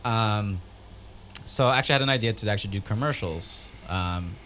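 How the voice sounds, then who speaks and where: A man's voice: lowish voice, moderate pace, slight background noise. A man co-hosting a podcast in casual chat, telling stories and acting out the voices of the people in them. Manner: animated storyteller, acts out quoted voices. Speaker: podcast co-host.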